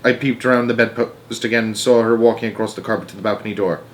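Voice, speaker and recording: A man reading a children's novel aloud as a storyteller, with lively, dramatic delivery. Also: lowish voice, fast.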